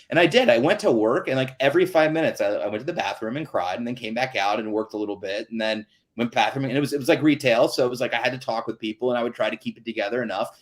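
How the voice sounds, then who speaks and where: A man's voice: medium pitch, fast, hardly any pauses. A man hosting an online town hall, talking in an earnest, chatty way with many fillers over a video call. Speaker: host.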